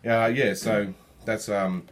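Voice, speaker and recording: Podcast guest: young man, very low voice, halting delivery full of ums, faint noise behind. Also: steady tone. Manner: hesitant, many ums and restarts. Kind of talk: casual interview chat.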